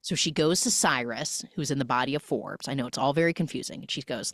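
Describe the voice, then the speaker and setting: In a dry, studio-quality recording, a woman with an extremely low-pitched voice hosts a podcast. She chats her way through a casual recap of a film's plot, acting out each character's lines in quick snippets.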